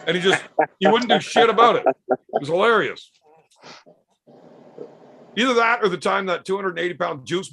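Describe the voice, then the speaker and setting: A man's voice: high-pitched, creaky. A man telling profane bar stories in a casual podcast chat, acting out the voices of the people in them. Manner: animated, acts out quoted voices. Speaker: podcast storyteller.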